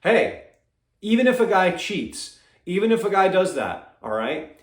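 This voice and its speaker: A man's voice: sits high, big pitch swings, unhurried, roomy sound. A man giving casual MMA opinion commentary, emphatic and keeps checking in with "all right?" and "okay?".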